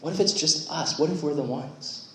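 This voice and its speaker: A young man preaching a youth sermon, animated and chatty, with many "like" fillers. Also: fairly high pitch, normal speed, a little hiss or hum. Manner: animated, filler-heavy talk with lots of "like". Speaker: youth pastor. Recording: roomy echo.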